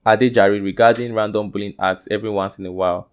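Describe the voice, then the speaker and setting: A man's voice: fairly low pitch, steady tone, fast, clear, resonant tone. A man with a Nigerian accent who hosts a gossip news vlog, reading the stories casually and putting questions to his viewers. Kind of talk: reading celebrity news to camera.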